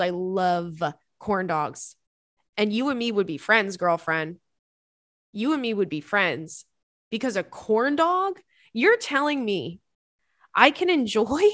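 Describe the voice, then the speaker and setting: A woman's voice: mid-range voice, no room sound. Woman podcast host reading a listener story, laughs a lot, big reactions, dry close sound. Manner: animated, laughing, dramatic reactions. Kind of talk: casual chat.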